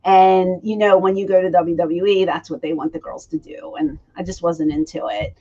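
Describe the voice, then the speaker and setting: On a dull lo-fi recording, a forties-aged woman guest spins stories during a shoot interview at normal speed. Her voice sits on the low side, and she animatedly performs the quoted dialogue.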